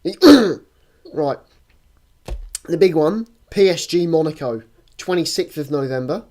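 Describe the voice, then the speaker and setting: A man's voice: on the high side, measured pace, warm tone. A young man co-hosting a casual sports podcast, rambling and teasing with lots of fillers. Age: young adult. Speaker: podcast co-host. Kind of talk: casual chat.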